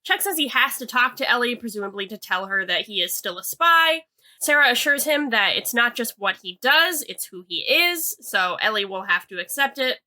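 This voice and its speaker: A young woman with a bright, slightly high voice chats through a TV recap. She hedges with "like" a lot and trails into asides. It's a relaxed podcast conversation. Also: moderate pace. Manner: chatty, hedging with "like", reads quotes aloud. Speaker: podcast co-host. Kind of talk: casual episode recap.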